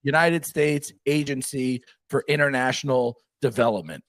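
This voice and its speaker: A man's voice: mid-range voice, normal speed, a bit bright, no echo. A man co-hosting a podcast in casual, profane banter, often laughing as he riffs. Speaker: podcast co-host.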